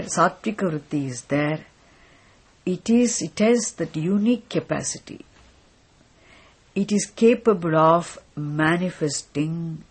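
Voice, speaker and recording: A teacher giving a philosophy lecture in a deliberate way, often stopping to check that listeners follow. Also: mid-range voice, darkish tone, slightly rough. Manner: deliberate, repeatedly checks understanding. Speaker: spiritual teacher.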